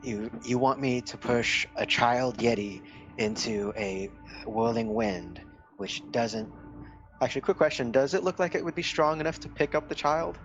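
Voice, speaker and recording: A man's voice: medium pitch, moderate pace, vocal fry, dull audio, faint music behind. A man playing a tabletop game, reasoning aloud in a thoughtful, hesitant way. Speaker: player. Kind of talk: casual tabletop play.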